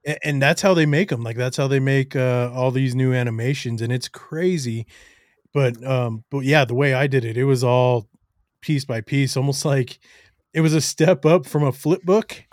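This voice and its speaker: A man's voice: medium pitch, moderate pace, darkish tone, dry recording, clean studio sound. A man in his thirties, a podcast guest, chatting casually and rambling with lots of fillers. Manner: rambling, full of fillers and "right?". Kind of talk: casual chat.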